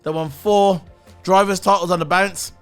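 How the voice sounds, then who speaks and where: A man's voice: high voice, steady tone, moderate pace, a bit bright, smooth, faint music behind. A man giving a blunt, opinionated solo review of a race, swearing and repeating his points. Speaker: motorsport commentator.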